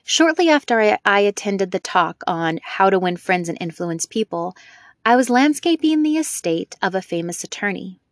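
A woman's voice: medium pitch, very animated, normal speed, no room sound, studio quality. A woman reading the first-person account of a male landscaping superintendent, in plain storytelling.

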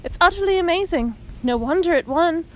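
A woman's voice: very high voice, expressive, brisk, voice pushed up. Woman reading a proud, tender mother. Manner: tender, gushing.

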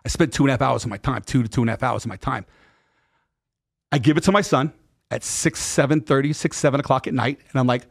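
A middle-aged man telling a personal story in a casual interview, emphatic and animated. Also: medium pitch, fast, gravelly. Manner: emphatic, animated retelling with acted quotes and profanity. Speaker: podcast guest.

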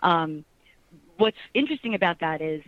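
A middle-aged woman chats as an interview guest, animated and laughing, her thoughts tumbling out in restarts. The sound is dull and lo-fi, like a radio broadcast, and the room is dry and close. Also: lowish voice, moderate pace, dry recording. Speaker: actress, guest. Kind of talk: casual interview chat.

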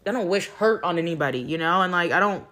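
A woman's voice: fairly low pitch, animated, fast, a bit bright. Young adult woman, frustrated and unfiltered, swearing freely in a candid personal vlog. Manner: frank and heavily profane, rambling with restarts; frustrated and exasperated. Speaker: vlogger.

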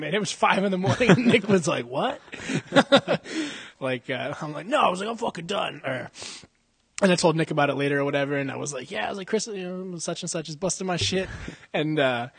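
A young man with a somewhat high, husky voice rambles through crude stories on a podcast, swearing constantly and breaking into laughter. The sound is close and dry. He is talking casually at an indoor jiu-jitsu gym. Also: animated, fairly quick, a bit bright, dry recording. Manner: profane, rambling storyteller who laughs often. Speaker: podcast co-host. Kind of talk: casual chat. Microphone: podcast mic.

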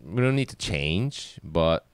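A man with a Japanese accent, co-hosting a casual bilingual podcast, laid-back and halting, often restarting his sentences. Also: deep voice, sing-song, smooth, no echo. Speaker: podcast co-host.

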